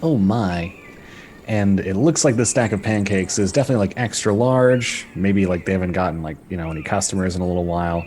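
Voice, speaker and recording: Low-voiced male player in a casual tabletop game, rambling, faint ambience. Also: fairly quick, a little mellow, slight background noise. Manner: rambling, many fillers.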